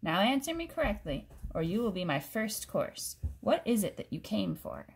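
A woman's voice: mid-range voice, very animated, normal speed, a little hiss or hum. A woman reading aloud and voicing a scary old witch with a squawking, rusty voice that sneers and cackles. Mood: menacing.

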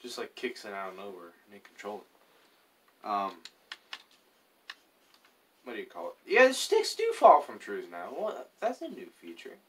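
A man's voice: on the low side, wildly swooping pitch, a little slow, pauses often. Rambling gamer man, mic slightly distant. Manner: rambling, chatty, muttering to himself, hums while playing. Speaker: gaming YouTuber. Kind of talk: casual gameplay commentary.

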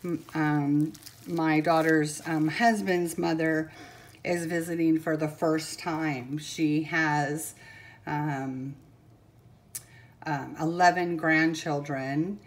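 An older woman filming a casual unboxing vlog at home on her camera, gushing and sentimental, pausing often and filling gaps with "um". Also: low-pitched. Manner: gushing and sentimental, with many pauses and fillers. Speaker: vlogger. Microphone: camera mic.

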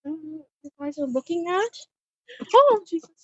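A woman's voice: sits high, fast talker, no echo. A woman cosplay vlogger talking casually while riding a bike outdoors. She is nervous and keeps exclaiming, and is recorded on a phone strapped to the bike. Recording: dull lo-fi phone audio.

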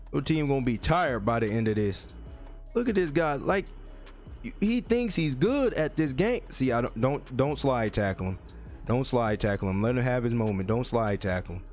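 Animated man trash-talking over gameplay. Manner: animated, trash-talking, jumps into high yelps. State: voice cracking. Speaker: gaming YouTuber. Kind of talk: live gameplay commentary.

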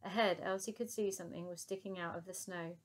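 A woman narrating a children's book aloud in a calm, even storytelling manner. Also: lowish voice, quick pace.

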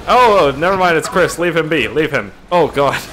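A man yelling and laughing through a casual online gameplay session with friends, loud and excitable. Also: a little high, moderate pace, a crowd in the background. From Canada. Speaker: gamer streamer.

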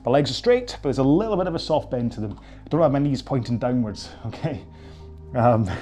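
A man's voice: medium pitch, dark tone. A Scottish man in his forties talks viewers through stretches as a rowing coach. He is chatty and jokes at his own expense. Faint music plays in the background. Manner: chatty, joking and self-mocking. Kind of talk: guided stretching class, casual chat.

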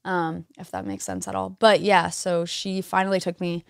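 A woman's voice: fairly low pitch, flat delivery, gravelly, no echo, clean studio sound. A young woman, a podcast guest, telling her story in a chatty way with lots of fillers, acting out what others said. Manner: fast and chatty, filler-heavy, acts out dialogue. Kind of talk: casual storytelling interview.

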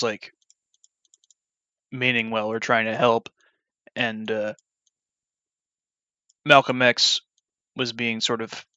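A young man talking casually in a rambling way while modding a game, full of fillers and restarts, now and then flaring into a loud rant. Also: mid-range voice, clear, resonant tone, no room sound, muffled recording. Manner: meandering, many fillers and restarts, flares into loud ranting. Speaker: video creator modding a game. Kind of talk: rambling off-topic commentary.

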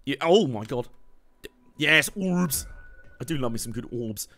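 Excitable man playing a game. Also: mid-range voice, measured pace. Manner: excitable, laughing, swearing, hums tunes while playing. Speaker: game streamer. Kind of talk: casual gameplay commentary.

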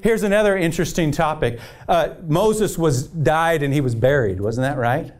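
Guy preaching at church, fairly high voice, keeps calling for amens, stumbles and restarts a lot. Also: normal speed. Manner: call-and-response preaching, keeps asking the congregation "amen?"; storytelling with repeated restarts. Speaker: pastor. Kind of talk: sermon. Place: church service.

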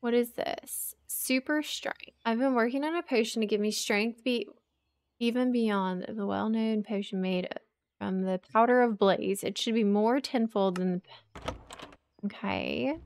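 A woman's voice: a little high, unhurried, darkish tone, no echo. A woman hosting a game playthrough in casual commentary, chatty and exclaiming as she talks to the creatures on screen. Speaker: let's play host.

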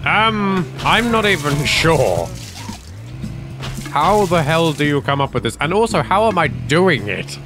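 Exasperated English gameplay commentator. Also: male voice, fairly high pitch, very animated, a little slow, over music. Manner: exasperated, swearing, joking. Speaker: let's play host.

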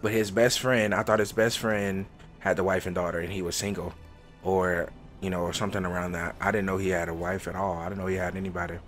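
A man's voice: deep voice, level tone, fast, faint music behind. A man hosting a let's play, rambling and thinking aloud as he reacts emotionally to the story. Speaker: gaming host.

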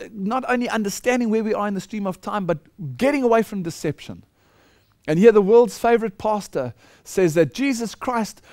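A man's voice: high-pitched, dry recording. A man preaching a lecture-style sermon, emphatic and indignant as he rebuts quoted claims. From South Africa.

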